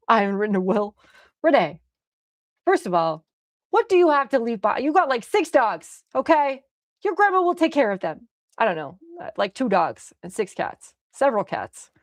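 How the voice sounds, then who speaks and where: A young woman streamer casually telling a story, animated, often laughing and swearing freely. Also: on the high side, moderate pace, dry recording, studio quality.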